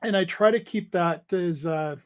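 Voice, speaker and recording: High-voiced man chatting on a hobby livestream. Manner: rambling, halting, reads out chat messages. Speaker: livestream host. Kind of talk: casual livestream chat.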